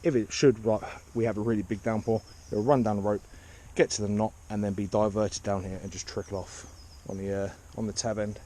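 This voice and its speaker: A man casually explaining a camp setup outdoors in the woods, chatty and relaxed, with frequent fillers. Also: on the low side, fairly quick, few pauses. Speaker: outdoor channel host.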